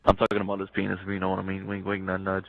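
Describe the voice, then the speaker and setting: A man's voice: low voice, completely flat delivery, rapid-fire, creaky, a bit bright, poor audio. A young man casually telling crude jokes, rambling and laughing at his own punchlines. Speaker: joke teller.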